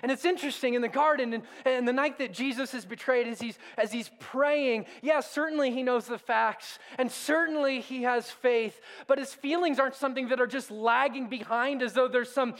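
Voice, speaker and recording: A man's voice: very high voice, fairly even intonation, normal speed, hardly any pauses, a bit bright. A man preaching a sermon in a conversational, questioning way. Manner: conversational, self-deprecating preaching with rhetorical questions. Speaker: pastor.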